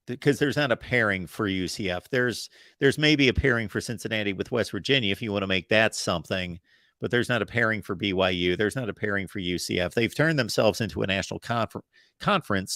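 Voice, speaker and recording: Brief: male call-in show host, low and dry, stumbles and repeats words on a video call. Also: a bit bright, dry recording. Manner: repeats words, restarts often. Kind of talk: casual sports talk.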